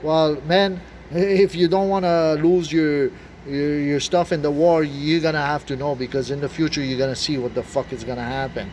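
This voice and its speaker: A man's voice: fairly high pitch, fairly even intonation, moderate pace, a little mellow. Agitated swearing man, faint noise behind. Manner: agitated, swearing, restarts and fillers. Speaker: video blogger. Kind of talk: rambling conspiracy monologue.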